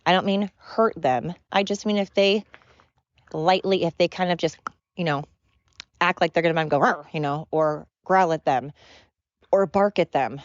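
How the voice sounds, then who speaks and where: A woman's voice: lowish voice, moderate pace, pauses often, dry recording, muffled recording. A woman hosting her own podcast, rambling earnestly and repeating herself. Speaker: podcast host. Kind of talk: casual solo podcast rambling.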